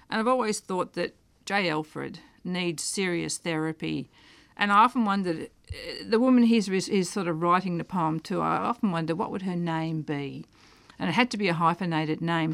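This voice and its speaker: Aussie poet lady, bit of fry in her voice but smooth, reads punchy wordplay. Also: lowish voice. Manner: emphatic, performs wordplay with relish. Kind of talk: interview and poetry reading.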